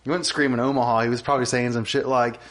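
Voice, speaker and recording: Male podcast co-host, crude riffing banter, mid-pitched everyday voice. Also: flat delivery, quick pace. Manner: crude, joking, riffs into loud put-on voices. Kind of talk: casual chat.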